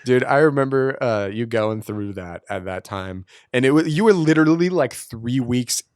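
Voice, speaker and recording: A man's voice: mid-range voice, animated, normal speed, a little mellow, clean tone, no echo, studio quality. A young man co-hosting a podcast, joking, laughing often and mimicking people in casual chat. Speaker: podcast co-host.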